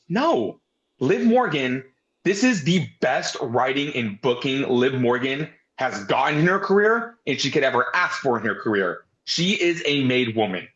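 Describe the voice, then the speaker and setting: A man's voice: medium pitch, fairly bright tone. Opinionated man on a dull lo-fi mic. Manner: opinionated, emphatic, swears. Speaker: podcast co-host. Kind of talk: casual chat.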